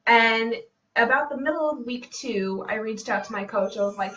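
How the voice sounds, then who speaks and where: A woman's voice: on the high side, moderate pace, fairly bright tone. Earnest woman coach, dull distant sound. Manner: earnest, personal and conversational. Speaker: fitness business coach. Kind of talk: casual talk to camera. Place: home. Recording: dull, slightly distant home recording.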